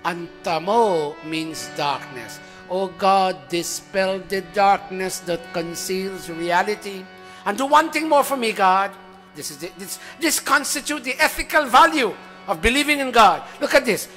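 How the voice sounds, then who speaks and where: A middle-aged man preaches slowly and leads call-and-response chanting. He turns dramatically from loud chant to hushed tones. His high, bright voice rings through a hall with long reverb and faint music behind. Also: animated. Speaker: spiritual teacher leading satsang. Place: large hall before a congregation.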